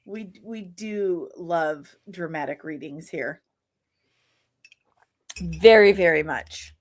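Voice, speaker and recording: A woman hosting a podcast, chatting in a quick, excitable way and laughing often. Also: lowish voice. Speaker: podcast host. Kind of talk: casual podcast chat.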